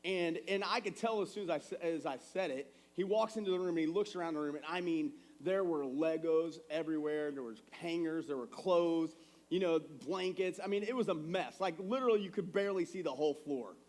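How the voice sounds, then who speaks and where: A man's voice: a little high, a little fast. Conversational pastor, a man preaching. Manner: conversational, animated storytelling with acted quotes. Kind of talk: sermon. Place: church sanctuary.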